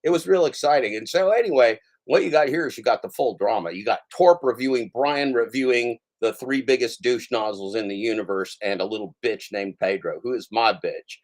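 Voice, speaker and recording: Taunting, profane livestream ranter. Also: male voice, medium pitch, fairly quick, few pauses. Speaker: livestream host. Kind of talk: ranting casual commentary.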